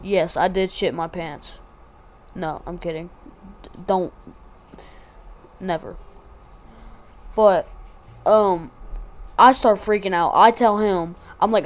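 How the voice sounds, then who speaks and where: A woman's voice: lowish voice, slow pace, long pauses. Rambling slangy woman telling a story. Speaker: vlogger. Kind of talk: casual storytime.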